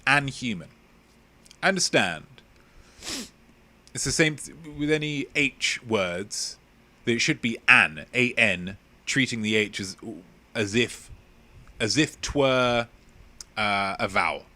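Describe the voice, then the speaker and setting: A man hosting a live-streamed quiz, playful and mock-pompous as he chats with viewers. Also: measured pace. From England. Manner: playful, mock-pompous, lively swings in pitch. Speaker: quiz host.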